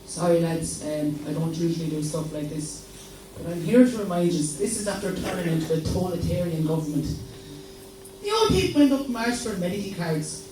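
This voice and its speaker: A woman's voice: fairly low pitch, animated, fairly quick, dark tone, a little hiss or hum. A woman with an Irish accent speaking passionately from the floor at a public meeting, swearing and rousing the room. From Ireland. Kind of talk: impassioned speech from the floor. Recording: echoey hall, mic from far off.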